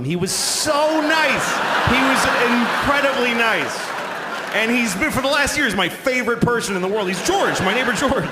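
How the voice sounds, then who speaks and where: A man's voice: very high voice, animated, normal speed. A man doing a stand-up comedy set on a club stage, exasperated and profane, mocking himself as he talks. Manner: exasperated, profane, self-deprecating. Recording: loud crowd laughter, live club noise. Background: crowd laughter.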